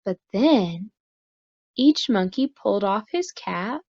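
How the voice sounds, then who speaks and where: A woman preschool teacher reading a storybook aloud to young children, slow and expressive, then asking soft, gentle questions. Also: mid-range voice, no room sound, lo-fi sound.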